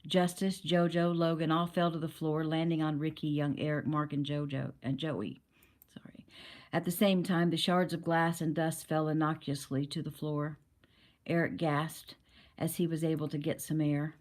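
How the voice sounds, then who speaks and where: A woman narrating a novel aloud in a steady, plain reading voice. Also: sits low, normal speed. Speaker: audiobook narrator.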